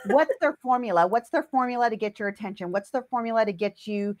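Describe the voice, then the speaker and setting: A woman hosts a casual parenting podcast as a coach. Her voice sits a little high, and she talks emphatically, often posing rhetorical questions. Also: quick pace. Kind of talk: casual conversational interview.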